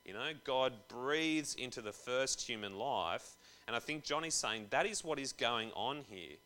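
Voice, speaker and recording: A man's voice: mid-range voice, lively intonation, measured pace, sharp tone. A young man giving a casual, jokey sermon to a church group, full of slang and asides.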